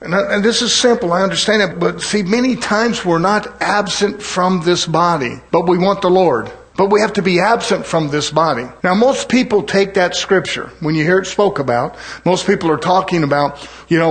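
A slightly bright-sounding preacher works through his sermon fervently, amens and hallelujahs punctuating his delivery. Scripture lines get a slower, lower treatment.

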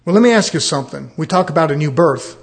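A man's voice: a little high, fast, gravelly. A man in his fifties preaching a sermon, asking rhetorical questions and calling for amens. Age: 50s. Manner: animated preaching, rhetorical questions, calls of amen.

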